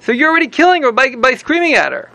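A self-satisfied old rabbi explains his plans in a rambling, confiding voice, as a man puts him on. His voice is high and gravelly. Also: very animated, fast talker, pushed and bright, dry recording, full character voice. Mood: scheming. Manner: rambling, confiding, pleased with himself. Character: scheming, self-important older male rabbi.

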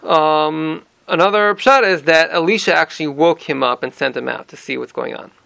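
A man teaching a Torah class, explaining lively with many rhetorical questions and Hebrew terms. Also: a little high, normal speed, gravelly, no room sound. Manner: animated explaining, frequent rhetorical "right?"; mixes in Hebrew terms and verse readings.

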